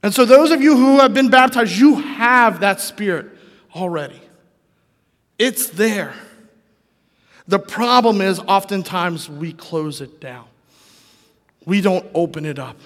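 A man's voice: high voice, slow pace, long pauses, a bit bright. A man preaching a sermon in a casual, conversational way, often asking the congregation questions. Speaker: pastor. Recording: long reverb of a large hall.

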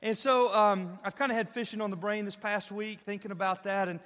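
Pastor, man with a drawl, high-pitched and folksy, chatting to the congregation in a reverberant sanctuary. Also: a little fast. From Southern Illinois. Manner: folksy, animated, addresses the audience directly. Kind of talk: storytelling sermon. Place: church sanctuary. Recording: reverberant church hall.

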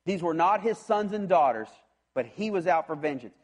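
A man preaching a sermon, retelling a scripture story in an animated way and acting out the voices of its characters. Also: a little high, moderate pace. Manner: animated storytelling, acts out voices, frequent restarts. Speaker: pastor.

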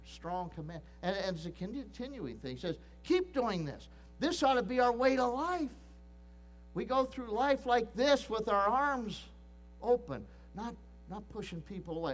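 A man's voice: high-pitched, expressive, unhurried. A middle-aged man preaching a sermon, earnest and emphatic, often restarting phrases and repeating key points. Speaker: pastor.

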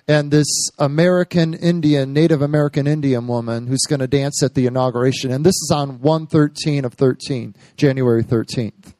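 A man preaching, telling a personal story and acting out what others said in lively bursts. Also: medium pitch, no echo. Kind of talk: sermon testimony.

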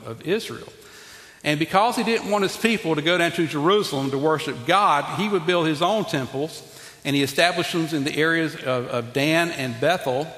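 A man's voice: on the high side, a bit bright. Male pastor, conversational sermon with asides to the congregation, stumbling restarts, roomy hall sound. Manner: repeats and restarts words often. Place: church sanctuary. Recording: echoey hall with long reverb.

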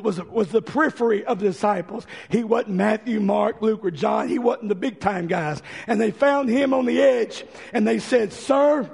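A male pastor preaching an impassioned sermon with a hoarse voice that is giving out, acting out the visitors' voices as he tells the story. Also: high voice, big-room sound.

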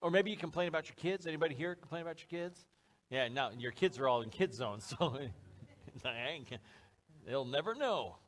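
Joking, conversational pastor with a higher voice. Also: male voice, expressive, fairly quick. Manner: conversational, joking, acts out little scenes. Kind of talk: sermon. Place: church service before a live congregation.

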